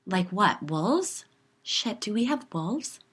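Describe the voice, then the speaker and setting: A woman's voice: fairly low pitch, animated, moderate pace, fairly bright tone, breathy edge. A woman reading a story, voicing the nervous narrator-heroine, a newcomer to the neighborhood who asks anxious, alarmed questions.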